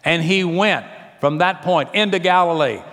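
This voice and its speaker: A man preaching a sermon, swinging between emphatic bursts and slow, drawn-out phrases. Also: sits high, big-room sound. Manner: rising to emphatic, rapid bursts then slowing to quiet, drawn-out phrases.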